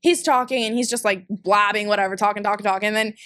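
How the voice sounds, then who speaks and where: A young woman from Peru, a podcast guest, telling a story in casual chat, animated and swearing freely as she acts out what she said back then. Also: mid-range voice, fast talker. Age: young adult. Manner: animated, swears freely, acts out her own past lines.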